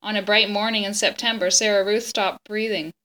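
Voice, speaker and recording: A woman reading a children's chapter book aloud in a gentle, expressive way, stopping now and then to explain the pictures and the story. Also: mid-range voice, a little fast.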